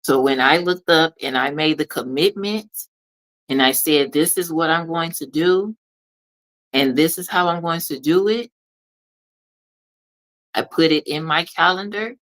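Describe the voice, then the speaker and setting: A woman's voice: low voice, measured pace, pauses often, a bit bright, poor audio. A woman speaking as a motivational consultant, talking straight to the listener in an emphatic, preachy way that repeats phrases for stress. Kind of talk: motivational monologue.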